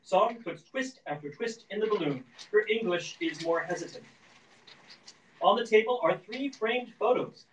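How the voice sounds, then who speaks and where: A man reading the stage directions of a screenplay aloud at a live reading, in a steady, descriptive manner. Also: fairly high pitch. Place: event room at a live reading. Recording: echoey room, distant mic.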